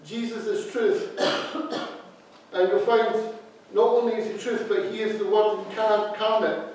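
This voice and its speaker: A man's voice: sits high, flat delivery, unhurried, a little mellow, a little hiss or hum. A man preaching a sermon as associate minister, emphatic and repeating key phrases for stress. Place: church. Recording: very echoey hall, speaker far from mic.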